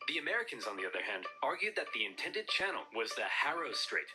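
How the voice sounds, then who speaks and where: A man narrating comedic history with a wry, theatrical delivery. His voice swings wildly between high and low, and lively music plays underneath. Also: fast talker, poor audio.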